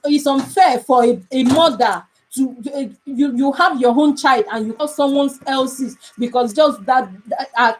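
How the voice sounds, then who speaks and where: A woman's voice: sits high, a little hiss or hum, rough recording. A young woman with a Nigerian English accent, chatting casually on a live stream as a mother, emphatic and repetitive, often pleading.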